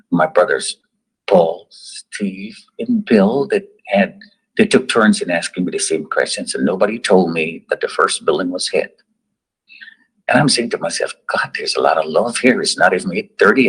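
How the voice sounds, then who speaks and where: Middle-aged male survivor, deep raspy voice, slow halting storyteller. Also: rough recording. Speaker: survivor giving a testimony. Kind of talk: personal story told to students.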